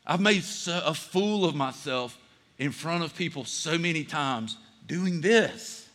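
A pastor preaching a sermon, a man who tells animated stories and acts out the voices of people he quotes. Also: on the high side, slow pace. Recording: church hall reverb.

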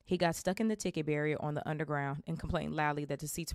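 A woman with a low voice reads a novel aloud for her podcast. She keeps a casual tone and drops amused asides. The sound is close and dry. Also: steady tone, fast talker, no echo. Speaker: podcast host.

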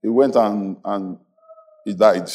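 A man preaching a sermon as a pastor, animated, laughing often and calling on the congregation to repeat after him. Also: medium pitch. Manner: animated preaching with call-and-response and frequent laughter.

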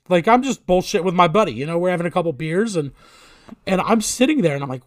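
A man telling a long story in casual, profane chat, poking fun at himself and getting more animated as it goes. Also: high voice, brisk, dry recording, studio quality.

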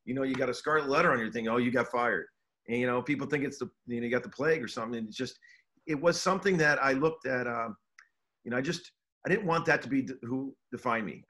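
A man's voice: medium pitch, bright, forceful tone. A middle-aged man, a basketball coach, talking casually in an interview with earnest restarts and repeated words.

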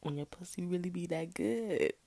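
A woman telling a casual story in slangy, animated talk, with sudden loud outbursts. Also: on the low side, moderate pace, creaky, dry recording.

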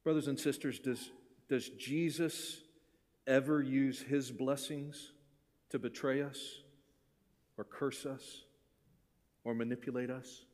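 A male pastor delivering a sermon, swinging between hushed, intimate passages and forceful, rising appeals. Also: mid-range voice, steady tone, takes it slowly, pauses often, long reverb tail.

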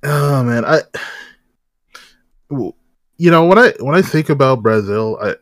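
A man's voice: a little slow, no room sound. Giggly young man on a podcast, dry sound. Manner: laughs often, animated pitch swings. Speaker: podcast co-host. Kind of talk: casual chat.

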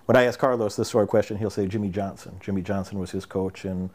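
Brief: male host, lowish mellow voice, rambling questions. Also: fairly even intonation, fast. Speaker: interview host. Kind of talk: interview questions.

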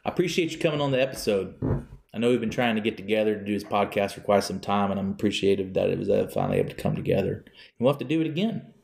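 A man's voice: lowish voice, sing-song, fast, creaky, darkish tone. A young man co-hosting a casual podcast, rambling and laughing often as he spins theories. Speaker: podcast co-host. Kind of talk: casual chat. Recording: roomy echo.

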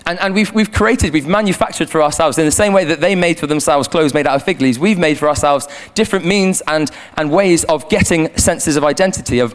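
A young man giving a conversational sermon in church as a youth leader, earnest and prone to repeating words as he restarts his sentences, speaking into a handheld microphone. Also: fairly high pitch.

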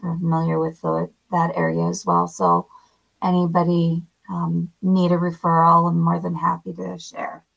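A woman, a podcast guest speaking candidly and haltingly with many fillers. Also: on the low side, monotone, vocal fry, poor audio. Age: 50s. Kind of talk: candid interview talk.

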